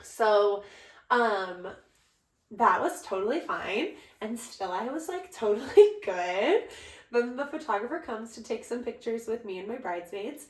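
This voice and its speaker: A young adult woman co-hosting a podcast, telling a story in a casual, animated way and jumping up high when she quotes herself. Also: unhurried. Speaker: podcast co-host, bride. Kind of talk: casual chat. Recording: echoey room.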